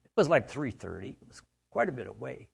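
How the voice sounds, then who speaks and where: With big pitch swings, vocal fry, and a slightly rough mid-range voice, an American man moves fairly quickly through an anecdotal training talk. He keeps asking "right?" as he goes. A studio mic was used.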